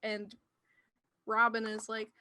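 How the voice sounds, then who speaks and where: High, bright-voiced woman game master. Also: monotone, slow pace. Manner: hesitant, many fillers. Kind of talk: narrating a tabletop game.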